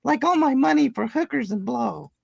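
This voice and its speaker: A man voicing a crude, rambling old man with a high creaky falsetto, stammering through a comedy reading. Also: lively intonation, normal speed, very noisy, exaggerated voice.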